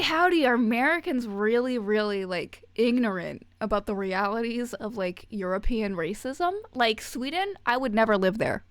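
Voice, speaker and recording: A woman streamer chatting casually with viewers, sarcastic and profane and quick to laugh. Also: on the high side, no echo.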